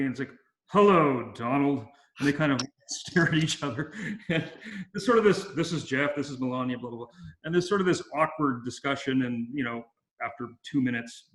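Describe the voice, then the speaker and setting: A man's voice: mid-range voice, expressive, a little fast, roomy sound. A man being interviewed, casually telling long anecdotes with many fillers and restarts. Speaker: interview guest. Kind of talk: casual storytelling.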